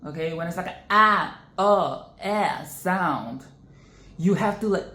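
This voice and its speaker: Slow-talking chatty woman, echoey room. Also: lowish voice, expressive, bright, forceful tone. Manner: chatty, self-interrupting, breaks into sung and exaggerated demonstrations. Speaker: singing tutorial host. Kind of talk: casual vocal lesson with sung demos.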